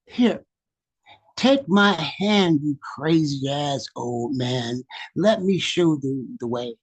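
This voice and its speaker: A man's voice: on the high side, expressive, takes it slowly, breathy edge, full character voice. A man voicing a cheeky young boy, the poet's inner child, who talks back in a taunting, street-smart way. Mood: coaxing.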